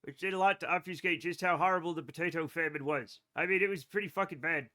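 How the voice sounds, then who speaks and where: Bright-voiced man rambling on a stream. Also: a little high, fast talker. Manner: rambling, chatty, swears freely, talks to chat. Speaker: game streamer. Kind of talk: casual live-stream chat while playing.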